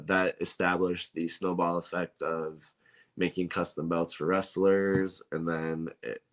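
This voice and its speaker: Low-voiced man telling a story. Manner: rambling, many fillers, re-enacts dialogue. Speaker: belt maker, guest. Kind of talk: casual storytelling interview.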